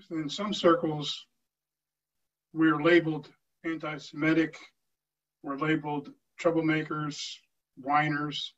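An older man addresses a town hall with earnest conviction, stopping and restarting as he goes. His voice sits fairly high. He is heard from a distance on a dull, lo-fi recording. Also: a bit bright. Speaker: veteran speaker at a town hall. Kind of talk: informal address to a meeting.

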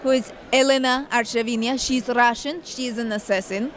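A young woman with a high, light voice talks casually as a convention guest, stopping and restarting with little laughs. Traffic and street noise run clearly behind her outdoors. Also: fairly even intonation. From Minnesota. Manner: giggly, hesitant, halting. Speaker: voice actor guest. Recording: noisy outdoor ambience.

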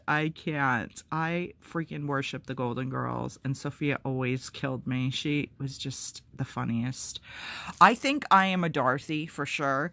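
Excitable woman rambling to her phone cam at home, casual vlog chat, pokes fun at herself. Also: rumbling low, measured pace, vocal fry, no room sound. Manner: self-deprecating humor. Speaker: vlogger opening fan mail. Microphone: phone camera.

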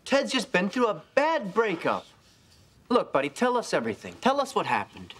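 A man's voice: sits high, huge pitch swings, normal speed, a bit bright, full character voice. An actor playing a brash, boastful womanizing friend in a sitcom. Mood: cocky. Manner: cocky, boastful. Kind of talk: sitcom acting.

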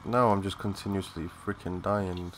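A young man giving live, excitable commentary over a shooter game, swearing and chatting in slang. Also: low voice, normal speed, background noise. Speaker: gaming commentator.

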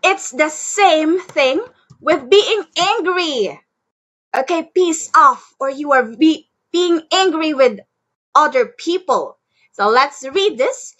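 An online English tutor gives a one-on-one lesson over a video call, drilling words for her student to repeat and praising every answer. Her voice is high-pitched and fairly bright, slow with lively intonation, picked up by a headset or computer mic on the call.

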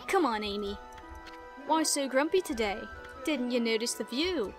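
Woman putting on a sly young man with a British accent, teasing, theatrical, high voice. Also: lively intonation, moderate pace, music in the background, close to an everyday voice. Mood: smug. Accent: British put-on. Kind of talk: reading game dialogue aloud.

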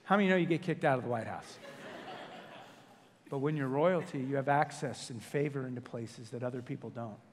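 A man preaching a sermon as senior pastor, joking and telling stories with quick self-corrections, in a church sanctuary. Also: mid-range voice, big-room sound. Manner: jokey, animated storytelling with self-corrections.

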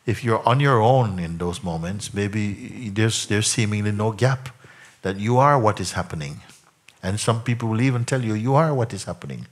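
A man as a spiritual teacher in a satsang, probing a questioner by repeating questions back in slow, reflective phrases. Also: fairly low pitch. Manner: slow, reflective phrasing with frequent "you know" and "no?". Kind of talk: satsang talk answering a questioner.

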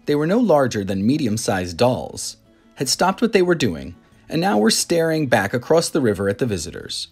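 Read-aloud narrator: man, slightly husky, animated pitch, faint music behind. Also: brisk. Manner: lively reading with loud, excited character voices; gentle, soft sign-off to a young listener. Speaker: storyteller reading a children's book aloud.

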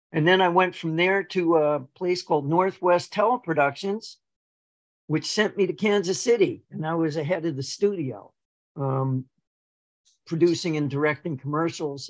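A man's voice: a little high, dry recording, low-quality recording. An older man, a guest on a video call, telling his life story casually and acting out the dialogue with stammered repeats. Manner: animated, acts out quoted dialogue with stammered repeats.

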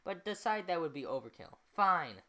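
Lively low-voiced woman reading a novel. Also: moderate pace. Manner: chatty, laughs at her own slips, breaks off to comment. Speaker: amateur reader. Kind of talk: reading a novel aloud with asides.

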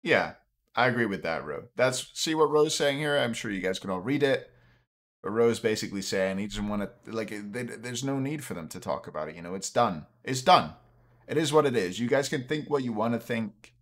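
A man's voice: lowish voice, expressive, moderate pace, fairly bright tone. A young man chatting casually on a late-night stream, a little tipsy, rambling and restarting his sentences. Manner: rambling, trails off, frequent restarts. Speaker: streamer and caster.

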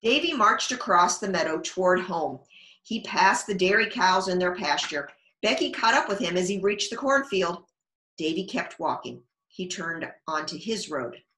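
Woman, librarian, storytime reading, animated pitch, roomy echo. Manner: slow, expressive read-aloud. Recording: echoey room.

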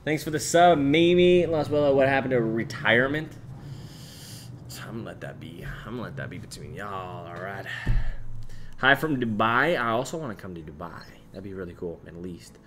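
Animated young man chatting with a stream. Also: lowish voice, fairly quick, slight background noise. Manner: swearing, animated, shouts out chat names and places. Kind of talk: casual livestream chat reading viewer comments.

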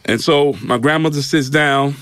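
This podcast guest, a man with a New York accent, tells a personal story in an interview at a moderate pace, his voice a little high, a bit bright, clean-toned, and fairly even in intonation. He rambles repetitively, imitates people's voices, and keeps saying "right?". The dry, studio-quality recording comes from a studio mic in a podcast studio.

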